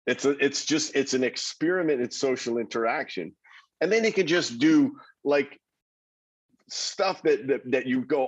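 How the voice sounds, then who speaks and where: Husky man giving lively advice. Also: medium pitch, normal speed, dry recording, lo-fi sound. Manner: animated, acts out quoted reactions, repeats words. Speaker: interview guest. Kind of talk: conversational advice.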